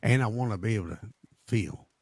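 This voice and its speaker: Gravelly drawling man. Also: lowish voice, brisk, a little mellow, dry recording. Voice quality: gravelly, husky. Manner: drawling, teasing, playful. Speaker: roleplay character. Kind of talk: in-character roleplay chat.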